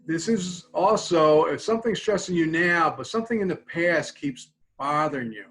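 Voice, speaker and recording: A man's voice: on the high side, animated, normal speed, a bit bright, low-quality recording. A man, a student support clinician, leading a live counseling webinar in a casual, conversational way, guiding tapping and mindfulness exercises and checking in with "okay?" after nearly every point. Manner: conversational, tags lines with "okay?".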